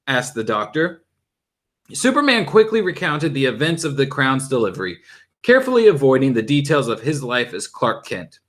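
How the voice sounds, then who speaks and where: A man's voice: mid-range voice, moderate pace. A young adult man casually reading a chapter book aloud, stumbling now and then over the words. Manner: lively, stumbles and laughs at own slips. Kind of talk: casual read-aloud narration.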